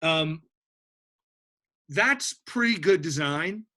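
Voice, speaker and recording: A man teaching a history lesson to a class, animated and joking, with lots of restarts. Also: on the high side, very slow. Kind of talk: classroom lecture.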